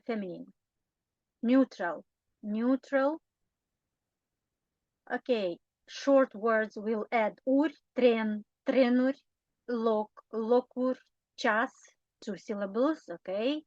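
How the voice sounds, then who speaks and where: A woman teacher with a Romanian accent speaks in a slightly high voice, taking her time over each explanation. She checks in often with little tag questions. The recording is dull and lo-fi, with a dry, close sound. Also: slow pace, a little mellow, dry recording. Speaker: language teacher. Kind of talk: explanatory online lesson.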